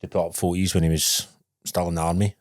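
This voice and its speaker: A man's voice: low-pitched, flat delivery, fast talker, a little mellow, no room sound, clean studio sound. A man with a Scottish accent co-hosting a podcast, telling sweary, laughing stories in casual chat. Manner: laddish, sweary storytelling with bursts of laughter. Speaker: podcast co-host.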